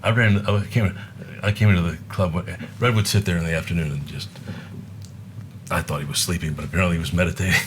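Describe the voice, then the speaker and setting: Against a noisy background, a low, steady male voice talks fast. He's an older musician from Buffalo, New York, appearing as a guest and spinning meandering stories, acting out the voices of the characters in them.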